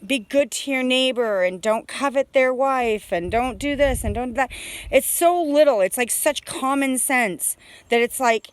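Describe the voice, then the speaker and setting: A woman with a somewhat high voice pours out her thoughts in a rambling, heartfelt vlog, full of fillers and restarts. She sounds emotional, close to tears. The sound is dry and close, with no room echo. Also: measured pace. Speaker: homesteader vlogger. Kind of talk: emotional personal vlog monologue. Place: outdoors on a homestead.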